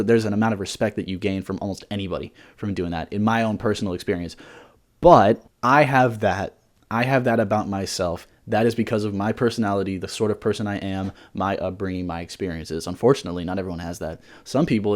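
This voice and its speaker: This man's voice is on the low side and a little mellow. As a young co-host on a podcast, he talks in a loose, rambling way, repeating himself and cursing without restraint.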